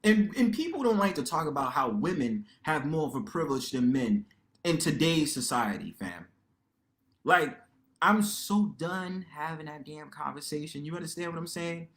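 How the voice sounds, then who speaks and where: A man hosting a livestream panel, talking casually in a loud, expressive way, full of slang and rhetorical tags. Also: moderate pace. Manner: loud and expressive, lively pitch swings.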